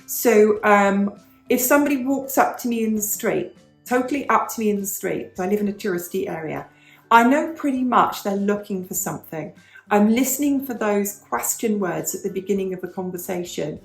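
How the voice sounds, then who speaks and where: A woman's voice: medium pitch, normal speed, creaky, reverberant, soft background music. A British woman in her fifties chatting in a vlog, explaining things patiently like a former teacher and repeating key points. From United Kingdom. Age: 50s. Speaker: vlogger, former English teacher. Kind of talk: casual question-and-answer chat.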